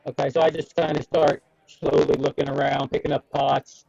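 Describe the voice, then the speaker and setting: A man plays his character at a tabletop game, hesitating through fillers. His voice is gravelly and mellow. The recording is dull and lo-fi with faint music behind. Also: a little high, flat delivery, moderate pace, no echo. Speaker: player.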